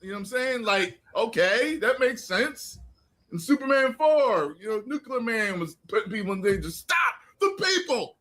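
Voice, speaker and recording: A man's voice: very high-pitched, very animated, normal speed, sharp tone. A man giving his opinion in a clip, lecturing emphatically and repeating his points.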